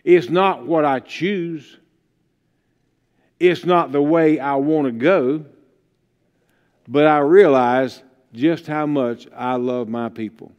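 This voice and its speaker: A preacher voicing a soft, hushed God. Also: male voice, fairly high pitch, clean tone, long reverb tail. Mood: hushed tender. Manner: hushed, tender, slow. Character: calm gentle male God speaking softly. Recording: dull lo-fi livestream sound.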